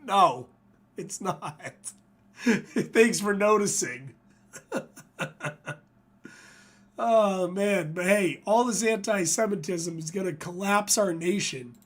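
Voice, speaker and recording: A man's voice: high-pitched, lively intonation, takes it slowly, pauses often. A man hosting a livestream, giving profane, casual commentary and laughing often between remarks. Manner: swears freely, laughs often. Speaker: livestream host.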